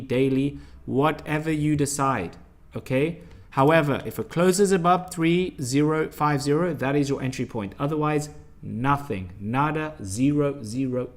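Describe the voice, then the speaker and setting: Blunt, emphatic man hosting a trading stream. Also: on the high side. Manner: blunt, emphatic, quizzes and scolds viewers. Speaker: stock trading livestream host. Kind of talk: live trading stream, teaching chat viewers.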